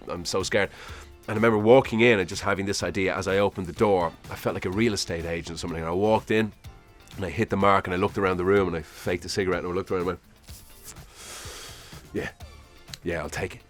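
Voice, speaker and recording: A man's voice: deep voice, steady tone, racing, faint music behind. Chatty, self-deprecating man in his forties. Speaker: actor interviewee. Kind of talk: casual interview answers.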